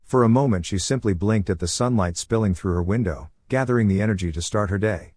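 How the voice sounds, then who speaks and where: Low-voiced man narrating a fan story. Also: brisk, a little mellow, no echo, studio quality. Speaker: storyteller channel host. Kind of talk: scripted narration.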